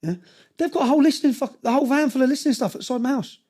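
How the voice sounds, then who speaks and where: A man's voice: extremely high pitch, racing, a little mellow. A man telling a story intensely in an interview, often checking in with "yeah?" and acting out what others said. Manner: recounting with quoted dialogue. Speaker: interview guest.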